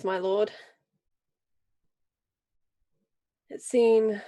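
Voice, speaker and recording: A proud, vengeful noble lady, as a woman puts her on, grave and forceful, measured in every word. Her voice sits a little high. She speaks in tabletop role-play. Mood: grave storytelling. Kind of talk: in-character role-play speech.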